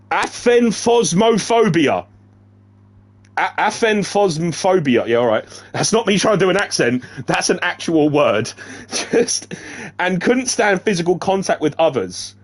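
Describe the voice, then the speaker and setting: Guy reading a book out loud, casual, pitch bouncing all over, jokes around between lines. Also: breathy edge. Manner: reads aloud, breaking off to joke and laugh. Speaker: reader of a novelization. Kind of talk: casual read-aloud narration.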